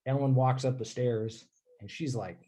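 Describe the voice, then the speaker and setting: A man telling a personal story in a casual interview, candid and rambling, often clearing his throat and saying "dude". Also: mid-range voice, fairly even intonation, moderate pace, dark tone.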